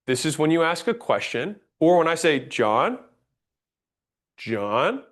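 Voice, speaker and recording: A man teaching a sales class, blunt and emphatic, demonstrating pauses and rising inflection as he explains. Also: fairly high pitch, expressive. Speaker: sales trainer. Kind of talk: instructional talk on sales tonality.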